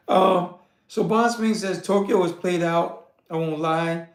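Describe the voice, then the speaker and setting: A man's voice: sits high, steady tone, measured pace, echoey room. A man hosting a casual livestream, reading viewer comments aloud and answering in a loose, slangy way with frequent laughs. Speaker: livestream host reading chat.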